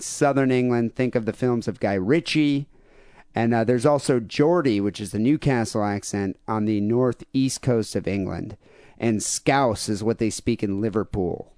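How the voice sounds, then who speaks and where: A man's voice: medium pitch, darkish tone, clear, resonant tone, no room sound, studio quality. A man co-hosting a podcast in casual chat, rambling and often repeating his words. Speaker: podcast co-host.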